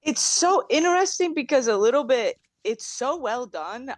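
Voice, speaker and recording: A woman's voice: sits high, lively intonation, normal speed, hardly any pauses, no echo. A woman co-hosting a podcast in casual chat, easygoing and laughing, acting out her reactions. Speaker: podcast co-host.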